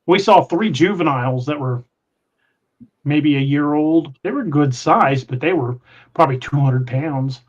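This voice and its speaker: A man's voice: fairly high pitch, unhurried. A man hosting a podcast in casual chat, telling a story in a rambling way with frequent restarts. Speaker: podcast host. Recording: muffled lo-fi audio.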